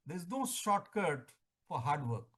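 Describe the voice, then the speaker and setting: A middle-aged man, giving an oratorical talk on contest speaking with emphatic phrasing and deliberate pauses. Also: on the high side, big pitch swings, fairly bright tone, husky. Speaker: public speaking trainer.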